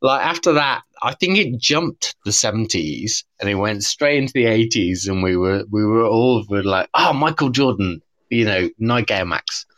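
A man's voice: on the low side, animated, normal speed, hardly any pauses, a bit bright. A British man in his thirties chatting casually, rambling with many fillers and restarts. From Britain. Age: 30s. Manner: rambling, lots of fillers and restarts, puts on silly voices. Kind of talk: casual chat.

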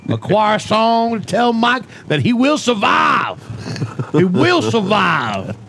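A man putting on a loud, crude male preacher with a raised, higher pitch, belting out revival calls and drawn-out cries. The voice sits over a noisy background. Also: sing-song, creaky, heavily acted. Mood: preaching. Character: shouting male preacher, Pastor Pat, fiery and crude.

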